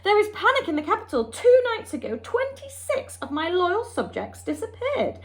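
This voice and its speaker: A woman doing a flustered, testy king. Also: sing-song. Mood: agitated. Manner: fast, high and agitated.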